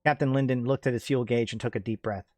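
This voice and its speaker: Brief: male narrator, mid-pitched, steady read of space fiction, dry close sound. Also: fast, dry recording. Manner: steady reading with occasional self-corrections. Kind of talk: reading sci-fi fiction aloud.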